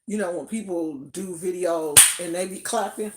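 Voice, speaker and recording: A woman's voice: fairly low pitch, moderate pace, hardly any pauses, darkish tone. An older woman hosting a spiritual channel, chatting casually on a livestream in a rambling way. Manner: chatty, rambling, with fillers and restarts. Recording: roomy echo.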